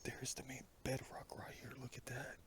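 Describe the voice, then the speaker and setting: This hiking vlogger talks to a handheld camera outdoors on a wooded mountain road, rambling and frequently slipping into a whisper. He speaks at normal speed in a monotone, mid-range voice that sounds a bit bright.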